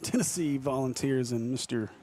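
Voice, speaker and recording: A man's voice: medium pitch, normal speed, warm tone, a little hiss or hum. A male commentator calling a soccer match live on a broadcast headset, joking and laughing often between calls. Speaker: sports commentator.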